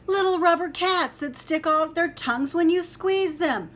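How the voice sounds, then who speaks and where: A woman reading aloud puts on a pair of whiny little bear cubs from a storybook, pleading in a high, squeaky voice. They beg and carry on in a loud, childish whine. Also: unhurried. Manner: begging, high-pitched pleading.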